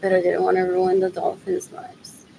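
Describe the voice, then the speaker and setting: A woman's voice: lowish voice, completely flat delivery, moderate pace, vocal fry, mellow, slight background noise, low-quality recording. A woman rambling on her own in a loose solo stream, mixing in Spanish phrases and drifting between mumbling and whispering. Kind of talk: rambling solo livestream talk.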